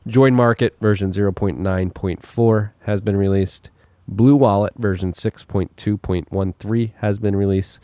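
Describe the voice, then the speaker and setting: Casual male co-host with a low voice and dry sound, joking and laughing often. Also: fairly even intonation, a little slow, mellow, dry recording. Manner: joking, laughs often, reads release list. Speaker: podcast co-host. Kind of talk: casual podcast chat.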